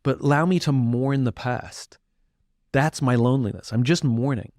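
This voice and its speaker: An interview guest, a man with a darkish, mid-range voice, speaks at normal speed in a dry studio with no room sound. He's candid and reflective in this conversational interview, often restarting sentences and using fillers.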